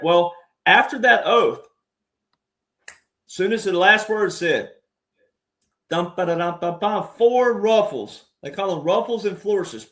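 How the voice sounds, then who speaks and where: A man giving an emphatic commentary monologue, repeating himself and addressing the audience as ladies and gentlemen. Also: a little high. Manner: restarts and repeats words often. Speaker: guest commentator.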